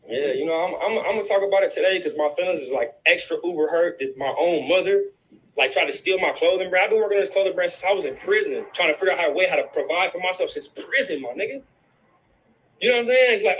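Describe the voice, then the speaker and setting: Fast, high-voiced man in an angry rant. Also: fairly bright tone, a little hiss or hum, low-quality recording. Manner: angry, profane, repeats himself, keeps saying "bro". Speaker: guest in a livestream clip. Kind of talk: heated personal rant.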